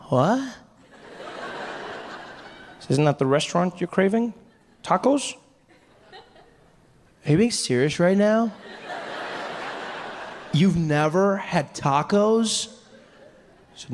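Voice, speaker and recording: A man from South Africa performing a stand-up comedy set, animated and acting out other people's voices. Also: sits high, slow, long pauses. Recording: live hall reverb, faint audience noise.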